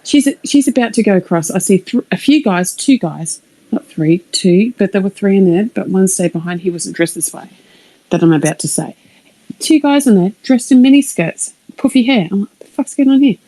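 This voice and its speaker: A middle-aged woman, telling a rambling personal story on a live stream, animated and swearing, sometimes dropping to a whisper. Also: medium pitch, fairly quick, rough recording. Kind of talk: casual anecdote on a live stream.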